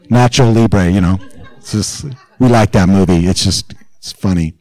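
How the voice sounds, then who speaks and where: A pastor with a low, darkish voice talks through his sermon at a moderate pace, casual and conversational until he builds intensity to push a point home. The sound is dry and rough.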